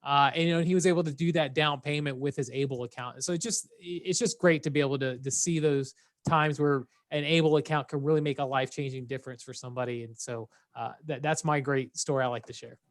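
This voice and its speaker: A man's voice: fairly high pitch, steady tone, quick pace, no room sound. A man on a webinar panel telling a success story in a friendly, upbeat way with plenty of fillers. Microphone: video call.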